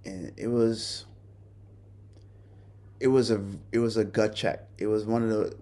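A male podcast host telling a personal story in a halting, remorseful way, often restarting his sentences. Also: fairly low pitch, steady tone, warm tone. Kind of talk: personal confession monologue.

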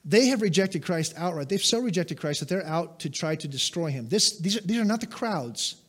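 A man's voice: a little high, expressive, a little fast, breathy edge. A man preaching a sermon as pastor, emphatic, with pointed asides to the congregation. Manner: emphatic, rises and drops sharply for stress.

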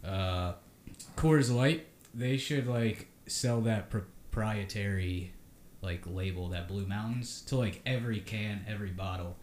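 A man co-hosting a casual podcast, pitching jokey ideas in a laid-back, trailing way. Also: unhurried, darkish tone, roomy sound, slight background noise. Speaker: podcast co-host. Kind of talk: casual chat.

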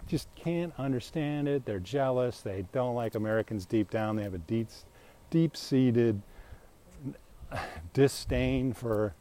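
A middle-aged vlogger out on a walk rants casually into a handheld mic, opinionated and rambling with frequent laughs. His voice is medium-pitched and warm, and he speaks slowly.

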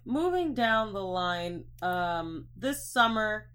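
A woman's voice: medium pitch, animated, unhurried, fairly bright tone. A woman hosting a casual podcast, talking through her opinions in an easygoing conversational way. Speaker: podcast host.

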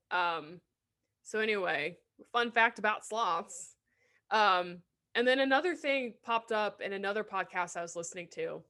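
A woman's voice: medium pitch, pushed and bright. A woman co-hosting a casual podcast chat, playful and jokey, swearing freely. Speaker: podcast co-host.

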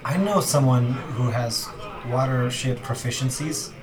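A man playing a tabletop game, excitable and goofy. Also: mid-range voice, measured pace, a crowd in the background. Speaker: player.

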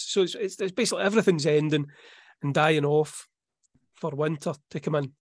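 A middle-aged man chatting as a podcast co-host. His voice sits a little high and bright, and his delivery is relaxed and wry, with a touch of self-mockery. The sound is close and dry, with no room in it. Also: dry recording. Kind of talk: casual chat.

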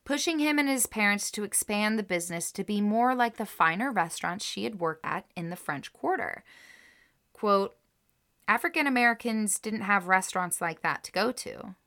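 In casual conversation, this woman co-hosting a podcast reads out researched history and quotes before responding with emotion. She speaks at normal speed in a medium pitch, with lively intonation and a sharp tone.

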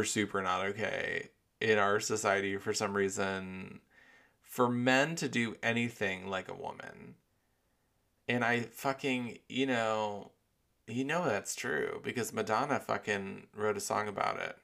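Gravelly, slow-talking podcast host man. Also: lowish voice, a bit bright. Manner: rambling, profane, many filler words. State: allergy-affected voice. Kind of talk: casual monologue podcast.

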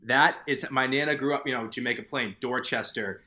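A man's voice: mid-range voice, fairly quick. A man from Boston in casual movie chat, swearing freely and eagerly quoting lines from films. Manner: excited, swears a lot, quotes film lines.

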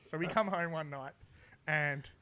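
A man's voice: a little high, a little slow. Young man telling a story. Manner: animated, laughing, acting out neighbours. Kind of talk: casual anecdote.

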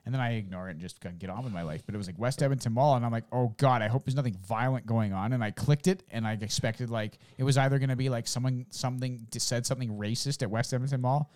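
A man co-hosting a casual podcast chat, telling rambling stories full of swearing and loud re-enacted outbursts. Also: medium pitch, racing, hardly any pauses. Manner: swears constantly, loud storytelling with shouted re-enactments. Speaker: podcast co-host.

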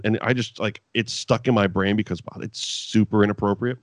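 A man's voice: fairly low pitch, brisk, no echo. A man casually recapping an old wrestling show with a co-host, swearing freely and laughing often. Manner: profane, animated, laughs often. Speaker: podcast co-host.

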